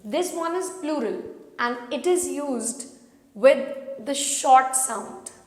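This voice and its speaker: A woman runs a slow, drilled pronunciation lesson, patiently saying each word again and again for learners to echo back. Her voice sits high, with lively intonation, a slow pace, and a darkish tone, and the echoey room adds a long reverb.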